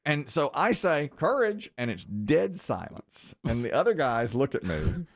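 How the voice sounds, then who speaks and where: A man hosting a radio morning show, telling a self-mocking story in a casual, animated way. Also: medium pitch, normal speed, dry recording, studio quality. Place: radio studio.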